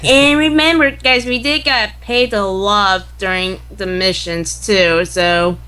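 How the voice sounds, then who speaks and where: A woman playing in a tabletop game, chatty and quick to laugh. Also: medium pitch, fairly even intonation, sharp tone, slight background noise. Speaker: player. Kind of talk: casual chat during a tabletop game.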